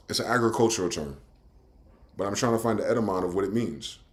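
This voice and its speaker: On his own show, a male podcast host swears and fumes while reading dictionary definitions aloud, alternating between shouting and quiet grumbling. His delivery is brisk.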